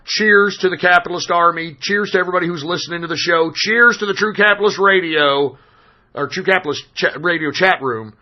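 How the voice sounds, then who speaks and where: A man hosting a call-in radio show, ranting in an exasperated, profane way, his voice hoarse from screaming. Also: high-pitched, brisk. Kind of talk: profane talk radio rant. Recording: dull lo-fi stream audio.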